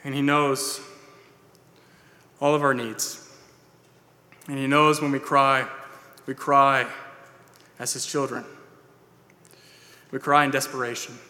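A man's voice: medium pitch, level tone, slow, long pauses, bright, forceful tone. A man preaching a sermon as pastor to his church, earnest and plain-spoken, with "uh"s and restarts. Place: church sanctuary. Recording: long hall reverb.

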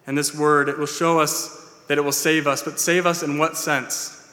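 With a slightly high, bright, forceful voice and flat delivery, a man preaches to his congregation at a moderate pace. He's sincere and plain-spoken, with "uh"s and restarts, and the church sanctuary gives a long hall reverb.

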